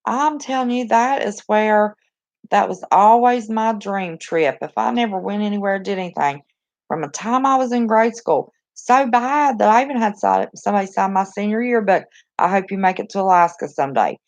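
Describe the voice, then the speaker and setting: A chatty, excitable woman with a Southern West Virginia accent, hosting a casual live chat from a cluttered bedroom on a phone. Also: medium pitch, moderate pace, highs cut off. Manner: chatty, excitable, talks to viewers and reacts to the chat. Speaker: live stream host.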